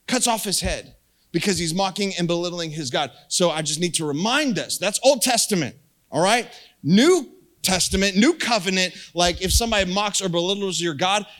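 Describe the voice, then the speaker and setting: A man preaching a casual, jokey sermon, telling a story and acting out quotes. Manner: animated, jokey, acts out quotes with rising pitch. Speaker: pastor.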